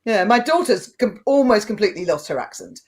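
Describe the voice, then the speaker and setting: A woman's voice: medium pitch, very animated, a little fast, a little mellow. A woman in her fifties with an English accent, a storyteller chatting casually and giggling through anecdotes. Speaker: storyteller guest. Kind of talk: casual chat.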